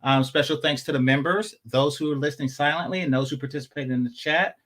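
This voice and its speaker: Bright-voiced man hosting a livestream. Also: a little high, fast. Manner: relaxed, hesitant with many fillers. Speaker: host. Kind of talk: casual livestream panel talk.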